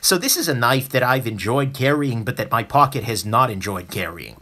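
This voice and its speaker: A man hosting a live knife review stream, talking in a bright, clear tone. His pitch swings widely as he jokes and wanders through asides, with plenty of ums and restarts. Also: moderate pace. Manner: lively, joking, with many fillers. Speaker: host.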